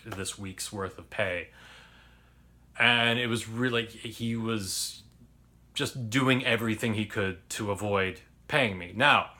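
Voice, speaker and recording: Low-pitched, forceful male podcast host; candid, rambling storyteller. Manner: candid, rambling, swears freely. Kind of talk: casual personal storytelling.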